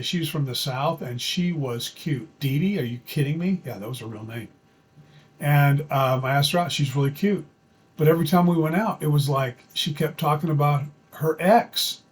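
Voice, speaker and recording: A middle-aged man telling a personal story in an earnest, folksy way, repeating phrases for emphasis as he gives dating advice. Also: fairly high pitch.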